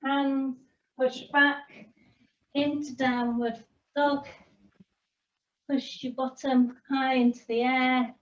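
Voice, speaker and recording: A woman leads a children's yoga class, giving gentle, encouraging instructions. She speaks slowly in a slightly high voice. The sound is distant and dull, as if picked up from across a room. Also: little pitch movement. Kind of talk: guiding a kids' yoga class.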